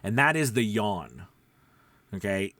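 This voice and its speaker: Male voice-over coach, low voice with wide swings in pitch, close-miked and dry. Casual teaching tone. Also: lively intonation, takes it slowly, no room sound. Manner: demonstrates pitch, drops deep and quiet then rises. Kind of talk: casual video lesson. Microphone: close studio mic.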